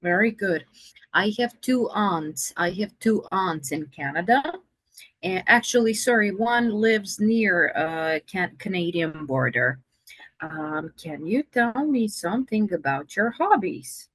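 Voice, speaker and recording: A woman teaching an online English conversation lesson over a video call. She talks slowly and patiently, encouraging her student. Her voice is mid-pitched and the sound is dry. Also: lively intonation, a bit bright, slightly rough, no room sound.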